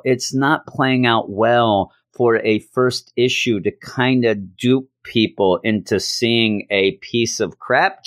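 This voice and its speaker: A man's voice: mid-range voice, fairly bright tone, no room sound. Guy ranting thru a comic review, blunt, swears a bit, dry close sound. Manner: blunt, exasperated critique with casual swearing. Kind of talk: casual spoken review.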